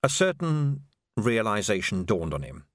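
A man narrating a novel in an expressive storytelling manner. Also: lowish voice, a little slow, no echo, clean studio sound. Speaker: audiobook narrator. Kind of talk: scripted narration.

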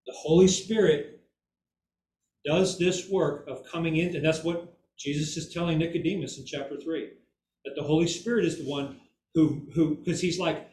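A man's voice: on the high side, fairly even intonation, normal speed, darkish tone, slight background noise. A man giving an informal Bible teaching who keeps checking in with "okay?" and "right?" and repeats words for emphasis. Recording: echoey room, mic far off, faint ambience.

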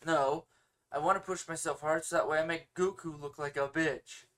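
A man in his thirties co-hosts a loose, casual podcast with a stuffed-up nose. He talks in animated, sarcastic rants, driving his opinions home. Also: fairly high pitch, brisk. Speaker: podcast co-host.

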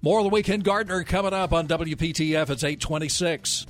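A man's voice: a little high, quick pace, music in the background. A man hosting a weekend gardening call-in radio show, keeping things moving with brief, easygoing prompts.

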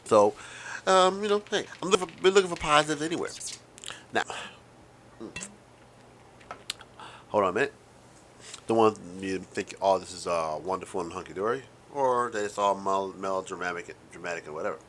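Fast-talking wry man, bright voice. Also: lowish voice, lively intonation, a little hiss or hum. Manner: rambling, wry, with profanity and asides; self-described fast talker. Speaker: podcast host. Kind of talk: casual monologue.

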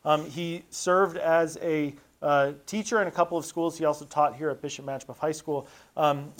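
A man introducing a guest speaker at a school gathering, halting and full of fillers. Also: fairly high pitch.

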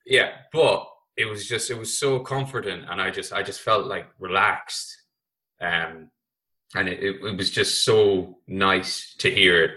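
Bright-voiced young Irish man. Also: low voice, a little slow, poor audio. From Ireland. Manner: rambling, swears freely, lots of fillers. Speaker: podcast guest. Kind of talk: casual chat.

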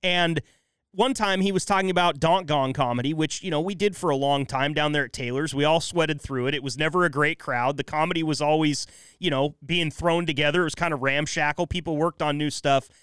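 A man's voice: a little high, a little fast, fairly bright tone, clear, resonant tone, dry recording. A man hosting a podcast in casual chat, blunt and irritated, swearing freely into a close mic. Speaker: podcast host.

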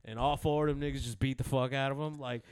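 A man's voice: medium pitch, fairly even intonation, quick pace, darkish tone, smooth, no echo, clean studio sound. A man telling profane stories in a casual chat, rambling, laughing often and acting out the people in them.

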